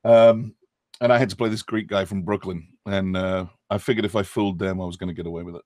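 Man, British accent, middle-aged, lowish voice, animated, dry close mic. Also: fast talker, no echo. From England. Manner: animated, switches into playful accent demonstrations. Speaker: guest actor. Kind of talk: casual podcast interview.

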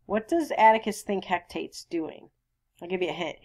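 A woman teacher reads a novel aloud to her class and breaks off to explain and quiz them. She talks in a relaxed, conversational way with a fairly low voice. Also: normal speed.

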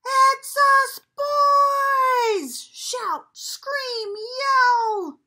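A woman voicing a rowdy gang of shouting little boys in a children's picture book. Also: very high-pitched, extremely slow, in a whisper, voice pushed up, exaggerated voice. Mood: shouting gleeful. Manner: loud, shouting, gleeful.

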